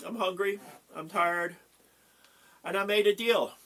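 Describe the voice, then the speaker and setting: A man's voice: high-pitched, unhurried, fairly bright tone, voice pushed up. A man voicing a proud young Irish hero who speaks in a raised, earnest, indignant way. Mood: stubborn.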